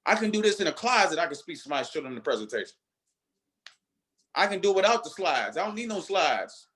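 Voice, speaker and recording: A man delivers a motivational talk to his marketing team in a very high voice. He preaches with energy and drives his points home by repeating them. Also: big pitch swings, fairly quick, fairly bright tone. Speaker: network marketing leader.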